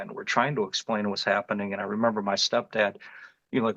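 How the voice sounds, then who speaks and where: A middle-aged man from northeast Ohio tells his story in a low voice, earnest and detailed, often circling back to restart a phrase. The sound is dry, with no room around it, and a little dull and lo-fi. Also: flat delivery, fast talker, fairly bright tone, dry recording. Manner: earnest, vivid retelling with frequent restarts. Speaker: interview guest recounting an encounter. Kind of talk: personal storytelling in an interview.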